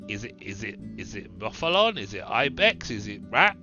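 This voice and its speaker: A man's voice: lowish voice, very animated, moderate pace, highs cut off, music in the background. A man streaming a text game, reading the story aloud and making wry, chatty comments.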